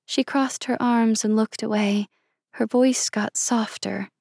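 A woman narrating first-person fiction in a measured, expressive reading style. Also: a little high, gravelly, dry recording, clean studio sound. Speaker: audiobook narrator.

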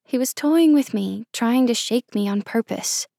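A woman narrating first-person fiction in a measured, expressive reading style. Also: on the high side, gravelly, no echo, clean studio sound. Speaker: audiobook narrator.

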